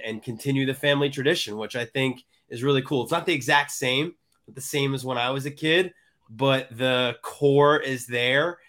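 A congested man co-hosting a casual morning chat, telling a relaxed, reminiscent story. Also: mid-range voice. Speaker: co-host.

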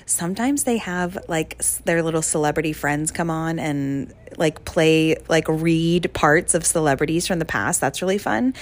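Woman, young adult, podcast host, bubbly, chatty, lower pitch. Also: normal speed, few pauses. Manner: bubbly, gushing, chatty with many fillers. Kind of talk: casual solo podcast chat.

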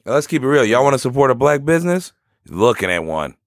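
A man in his twenties co-hosting a podcast, loud, joking and profane as he tells stories. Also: mid-range voice, very animated, quick pace, dry recording, studio quality. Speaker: podcast co-host. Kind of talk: casual podcast chat.

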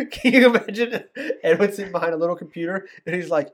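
A podcast co-host in casual chat, teasing and quick to laugh. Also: mid-range voice.

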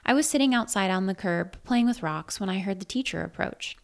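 A woman narrating a first-person story in a measured, reflective way. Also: mid-range voice, animated, gravelly.

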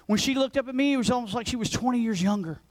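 A man in his forties, a pastor preaching a passionate sermon that swings between loud urgency and hushed intensity. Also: very high-pitched, racing, low-quality recording. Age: 40s. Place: church sanctuary.

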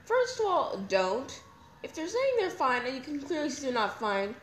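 Young woman podcast host, candid rambling talk, slightly high voice, roomy echo, faint hum behind. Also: very animated, moderate pace. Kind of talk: casual personal talk. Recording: echoey room with faint ambience.

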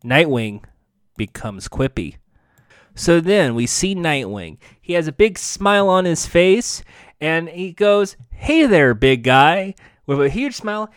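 A man's voice: a little high, animated, a little slow, clean tone, dry recording, studio quality. A man casually recapping a TV episode with sarcastic, profane jokes. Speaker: show recap host.

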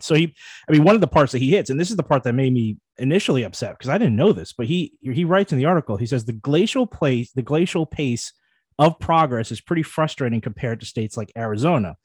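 A man chatting as a podcast co-host, his pitch swinging widely as he talks. He rambles, restarts his sentences and laughs often. The sound is dry and close. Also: a little mellow, slightly rough, no room sound. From moved to New Jersey from elsewhere. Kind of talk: casual chat.

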